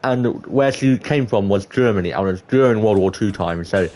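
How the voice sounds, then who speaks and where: A teenage boy telling a school story to camera in an excitable, rambling way, full of restarts and exclamations. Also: on the low side, normal speed, slight background noise. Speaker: vlogger.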